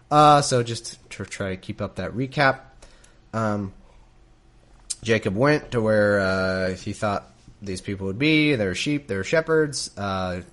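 A man reading scripture aloud and breaking off for wry, joking asides. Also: mid-range voice. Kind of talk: Bible reading with comedic commentary.

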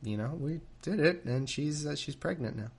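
A man voicing a sheepish ancient husband who stammers and mumbles his excuses softly. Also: fairly high pitch, lively intonation, moderate pace, gravelly, breathy edge, pitched above the performer's own voice, heavily acted. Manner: hesitant, stammering, trailing off quietly.

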